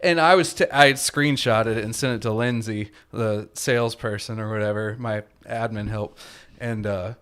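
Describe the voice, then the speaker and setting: A man's voice: on the low side, steady tone, normal speed, fairly bright tone, clean tone. Profane, sarcastic male DJ host. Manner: profane, sarcastic, laughs often. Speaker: DJ and podcast host. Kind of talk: casual chat.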